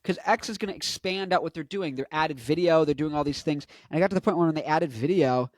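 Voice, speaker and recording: A man's voice: on the high side, fast, dry recording. Rambling young man vlogging. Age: 20s. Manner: rambling, self-interrupting, joking asides. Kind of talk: casual commentary monologue.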